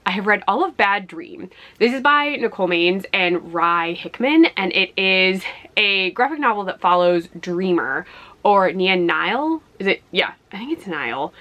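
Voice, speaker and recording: A woman's voice: mid-range voice, a bit bright. Woman vlogger, casual and rambling, talking books to a camera in her home office. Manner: rambling, chatty, many fillers. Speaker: book vlogger. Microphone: camera on a ledge.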